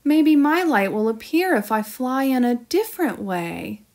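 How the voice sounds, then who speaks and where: A timid little girl lightning bug from a storybook, put on by a woman reading aloud. Her voice sits a touch higher than the reader's own, with a wondering, slightly downcast tone. The delivery is slow and unhurried. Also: sing-song, darkish tone.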